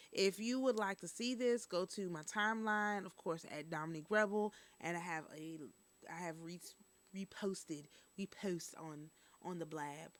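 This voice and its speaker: Woman doing a casual news stream, chatty, talks right to the viewers. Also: medium pitch. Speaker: host of a news and review stream.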